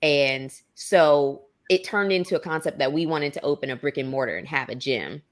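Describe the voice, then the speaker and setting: Woman, thirties, low voice, casual podcast chat, animated storyteller. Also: normal speed. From Maryland, USA. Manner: animated storyteller, acts out quoted lines in a higher voice. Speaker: podcast guest.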